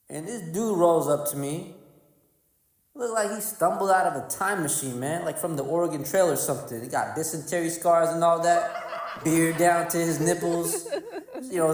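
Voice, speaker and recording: Brash stand-up man with a high voice, profane and mocking, recorded with long reverb. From North Carolina. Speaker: stand-up comedian. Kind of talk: stand-up comedy routine. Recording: echoey room with long reverb.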